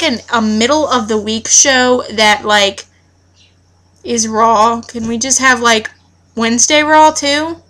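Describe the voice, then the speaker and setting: A young woman recapping a wrestling show in a chatty, excitable vlog rant. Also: a little high. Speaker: wrestling fan vlogger. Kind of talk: casual ranting recap.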